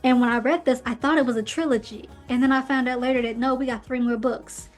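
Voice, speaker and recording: Chatty woman with a fairly high voice. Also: steady tone, fast talker. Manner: chatty, opinionated, recaps plots with playful asides. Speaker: podcast host reviewing books. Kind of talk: casual commentary. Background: faint background music.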